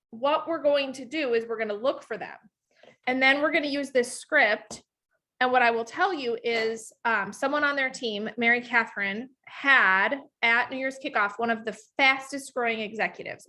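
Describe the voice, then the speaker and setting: Bright high-voiced chatty woman trainer. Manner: energetic, chatty, many fillers and restarts. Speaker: network marketing trainer. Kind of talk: live online training session.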